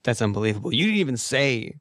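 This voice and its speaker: A man from the United States hosting a comedy podcast, asking deadpan interview questions. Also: mid-range voice, fast, dry recording, clean studio sound. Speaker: podcast host.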